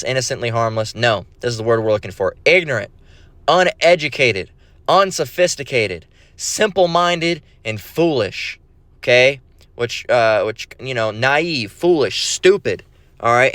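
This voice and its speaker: A man's voice: medium pitch, expressive, moderate pace, fairly bright tone, no room sound. A man preaching a profane, mocking rant, quoting scripture and stammering in repeats. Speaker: religious video preacher.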